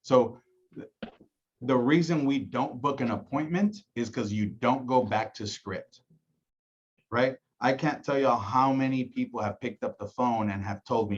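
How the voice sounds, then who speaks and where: A man's voice: mid-range voice, normal speed. A man coaches his team in a casual meeting and acts out phone calls as he goes. His voice sits mid-range and he keeps asking "right?" to check his listeners are with him. The audio is a little muffled and lo-fi. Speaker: insurance agency director. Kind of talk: casual training talk.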